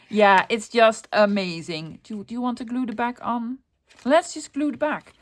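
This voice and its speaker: A woman's voice: on the high side, animated, normal speed. A middle-aged woman hosting a crafting video, chatting casually, talking to herself as she works and laughing often. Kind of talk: casual crafting tutorial chat.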